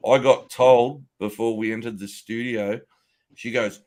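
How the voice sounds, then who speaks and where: A man's voice: mid-range voice, fairly even intonation, unhurried, darkish tone. Man laughing and swearing casually. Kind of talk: casual chat.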